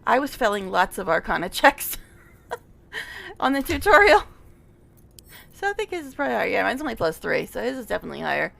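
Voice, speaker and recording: A woman's voice: fairly high pitch, sing-song, fairly quick, vocal fry, pauses often, fairly bright tone, no echo. A woman streamer giving casual gameplay commentary, chatty and giggly, with frequent laughs.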